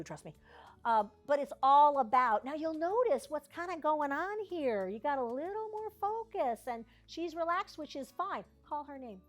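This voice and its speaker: High-voiced woman dog trainer. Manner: chatty and down-to-earth, with joking asides. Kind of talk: hands-on training class instruction.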